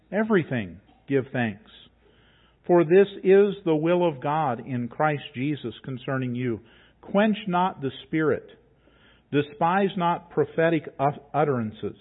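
A man preaching a sermon to his congregation in a conversational, emphatic way, reading scripture aloud and pressing his points home. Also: fairly high pitch. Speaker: pastor. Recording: tinny phone-like sound.

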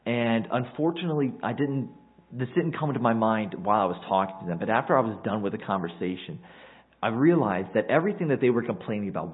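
A man's voice: fairly low pitch, fast. A man preaching a sermon in an earnest, emphatic way, lifting his voice on key points. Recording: tinny phone-like audio.

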